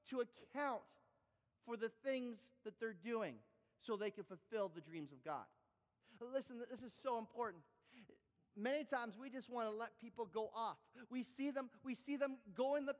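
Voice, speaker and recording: A man with a very high voice preaches animatedly to his congregation and often repeats and restarts his phrases. The sound is dull and carries a long hall echo. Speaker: pastor. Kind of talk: sermon with props and demonstrations. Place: church hall.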